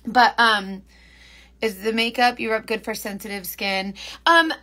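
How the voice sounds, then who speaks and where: Bright giggly woman chatting on a livestream. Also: fairly high pitch, steady tone, unhurried. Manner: rambling, giggly, reads viewer comments aloud. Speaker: makeup seller and livestream host.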